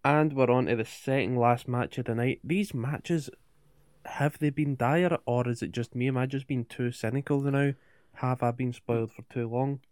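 A man rattles through a wrestling recap with a smooth, clean voice. He swears freely and tosses out rhetorical questions. The sound is dry and close. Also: medium pitch, fairly even intonation, moderate pace, darkish tone, dry recording. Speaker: podcast co-host. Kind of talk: casual wrestling recap chat.

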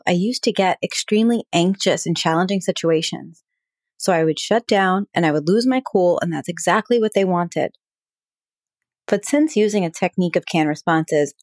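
A woman hosting an advice podcast as a relationship coach, talking calmly and plainly through examples. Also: on the low side, no echo, clean studio sound. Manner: calm, explanatory, acts out example dialogue.

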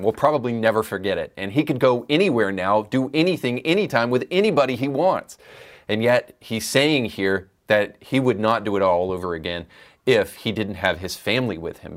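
A man hosting a commentary show, delivering opinions in an emphatic, argumentative way. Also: fairly low pitch. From United States. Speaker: commentary podcast host.

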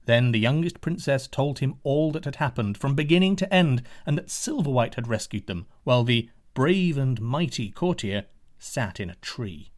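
A man narrating a fairy tale in a measured, expressive reading. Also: mid-range voice. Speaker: storyteller.

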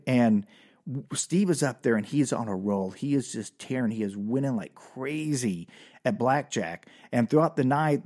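A man hosting a comedy podcast, telling a story in an animated, excitable way. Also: mid-range voice. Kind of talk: storytelling monologue.

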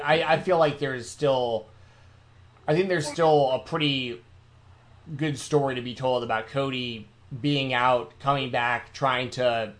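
A man's voice: medium pitch, fairly bright tone. A man in a casual podcast chat about wrestling, often stammering and restarting his sentences. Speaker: podcast co-host.

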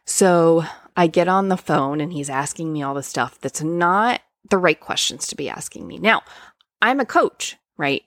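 A woman's voice: lowish voice, dry recording, clean studio sound. A woman who works as a coach, frankly and conversationally telling a personal story, with plenty of fillers and casual swearing. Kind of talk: candid personal storytelling monologue.

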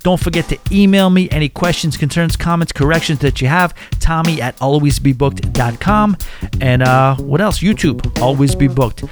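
A man's voice: fairly high pitch, moderate pace, over music. A man hosting a casual podcast, rambling and chatty as he answers listener questions. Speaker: podcast host.

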